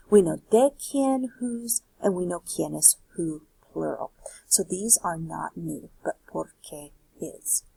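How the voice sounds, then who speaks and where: A woman's voice: on the low side, creaky, a little mellow, slightly rough, no echo, poor audio. A woman teaching Spanish, explaining a worksheet step by step and asking rhetorical questions. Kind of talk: recorded worksheet lesson.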